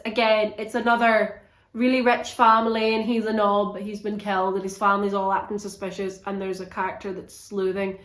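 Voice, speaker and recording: Exasperated girl ranting about books, swears lots, echoey room. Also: medium pitch. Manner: animated, swears a lot, exasperated. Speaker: book reviewer. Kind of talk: casual ranting book review.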